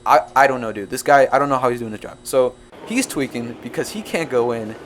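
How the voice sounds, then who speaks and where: A young man narrating a storytime video in an excitable, jumpy way, full of quick asides. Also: mid-range voice. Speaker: storytime YouTuber.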